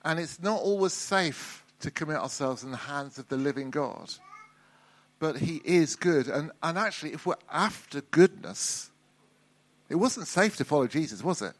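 Man, middle-aged, preacher, conversational sermon, repeats and restarts, slightly high voice. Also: moderate pace.

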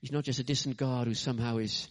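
A man preaching a sermon as pastor, animated, acting out quoted lines, with frequent restarts and asides. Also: mid-range voice, fast.

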